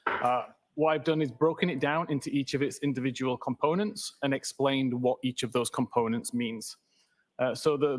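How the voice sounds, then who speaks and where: Man, expert witness, courtroom testimony, methodical, technical, mid pitch. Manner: methodical, technical, frequent uh fillers.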